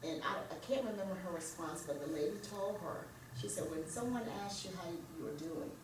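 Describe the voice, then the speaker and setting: A woman's voice: lowish voice, expressive, brisk. An older woman taking part in a workshop, earnestly telling a story to the group. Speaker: workshop participant. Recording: very echoey room, distant mic, noise.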